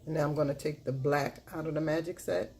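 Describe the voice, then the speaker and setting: A woman with a low, mellow voice narrates her makeup tutorial in a loose, chatty way. She murmurs along as she works and keeps coming back to her catchphrases. There is a faint hiss behind her. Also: fairly quick. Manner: repeats catchphrases, bursts into loud excited chanting. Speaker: beauty vlogger. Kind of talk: casual makeup tutorial chat.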